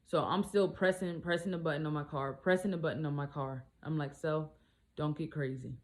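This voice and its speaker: A woman and single mom telling a story in a casual vlog, animated and blunt, swearing freely. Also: sits low, fairly quick.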